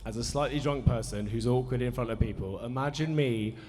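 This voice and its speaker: A man's voice: medium pitch, brisk, a little mellow, a little hiss or hum. A nervous man in his thirties rambles through a sweary, self-mocking story for a live audience. His voice rings out in a cinema hall with a long reverb tail. A faint murmur of the room sits underneath. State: nervous, dry mouth. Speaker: musician introducing a film screening.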